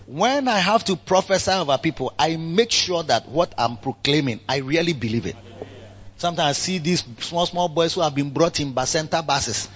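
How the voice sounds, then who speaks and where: High-voiced Ghanaian pastor preaching. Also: male voice, moderate pace, dull audio. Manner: animated preaching, swinging from loud exhortation to low asides; mixes in Twi phrases. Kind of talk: sermon. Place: church service.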